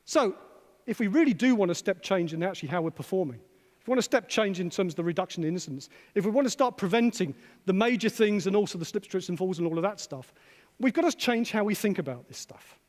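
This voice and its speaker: High-voiced guy giving a pushy keynote in a big echoey hall, keeps repeating himself. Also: expressive, fast talker. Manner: challenging, rhetorical, repeats key phrases. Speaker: conference speaker, psychologist. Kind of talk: conference keynote talk. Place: conference hall. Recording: long reverb of a hall.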